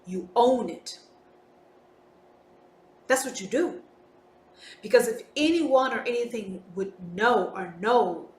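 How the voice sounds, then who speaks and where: A woman hosting a solo podcast monologue, talking in an emphatic, deliberate way and swearing freely. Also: a little high. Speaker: podcast host. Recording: roomy with faint background noise.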